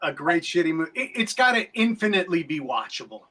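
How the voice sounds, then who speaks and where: A man's voice: a little high, sing-song, fast, sharp tone. A man who is a guest on a podcast, chatting casually and animatedly about a film, often restarting his sentences.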